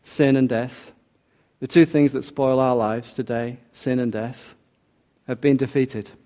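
A man preaching a sermon, earnest and measured, slowing down to stress key lines. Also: medium pitch, fairly even intonation, mellow. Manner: measured, earnest, slows for emphasis.

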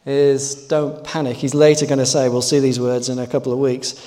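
Male preacher, mellow tone, conversational sermon delivery, church hall reverb. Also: mid-range voice, level tone, a little fast. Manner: conversational, emphatic on key words.

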